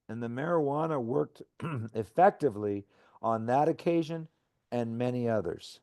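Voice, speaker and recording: A middle-aged man with a mellow, dark voice reads from his own memoir in an earnest storytelling manner. His pitch sits in an ordinary male middle range. He moves from the reading into frank talk about recovery. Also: unhurried, clean tone. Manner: earnest storytelling, acting out shouted quotes.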